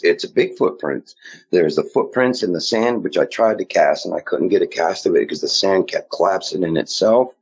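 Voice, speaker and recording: A man's voice: sits low, slightly rough. A man casually telling a long story in a rambling way, often acting out what others said to him. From Maine. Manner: rambling, quotes others in dialogue. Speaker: guest recounting sightings. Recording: dull lo-fi audio.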